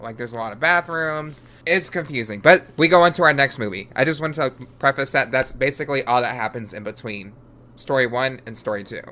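A man's voice: mid-range voice, bright, forceful tone, a little hiss or hum. A man hosting a podcast, chatting casually and animatedly, swearing freely and laughing often. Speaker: podcast host.

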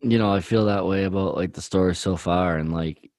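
A man's voice: sits low, fairly quick, a little mellow, no room sound. A man co-hosting a podcast, talking earnestly in a rambling way with many fillers. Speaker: podcast co-host. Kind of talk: casual chat.

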